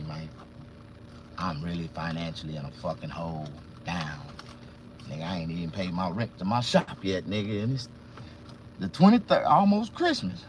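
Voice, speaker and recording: A man vlogging from a car, ranting casually and profanely, swinging between loud outbursts and low muttering. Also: animated, moderate pace, noisy background. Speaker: vlogger and barber. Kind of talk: casual live-stream rant.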